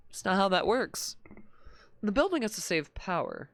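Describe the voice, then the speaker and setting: A streamer chatting through a live session, the tone bright and up-front. The voice rises and falls with lively swings. The delivery is relaxed and unscripted, with frequent stammered restarts. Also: mid-range voice, moderate pace, no room sound. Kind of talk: casual live-stream commentary.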